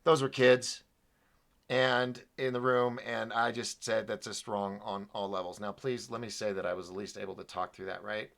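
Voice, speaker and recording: A man's voice: fairly low pitch, steady tone, normal speed, creaky, a bit bright. A man hosting his own live show alone, rambling and apologetic as he vents his frustration to viewers. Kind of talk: solo live-stream talk.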